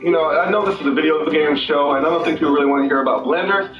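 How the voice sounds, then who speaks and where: A man's voice: a little high, rapid-fire, echoey room, highs cut off. A man calling in to a gaming show, talkative, friendly and polite in casual chat. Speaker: caller.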